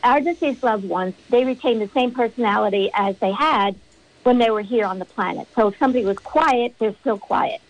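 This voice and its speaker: A middle-aged woman, a spiritual medium, speaking as a podcast guest and telling stories with lively acted-out quotes. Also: fairly high pitch, a little fast, lo-fi sound. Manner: animated storyteller, acts out quotes. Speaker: spiritual medium and card reader.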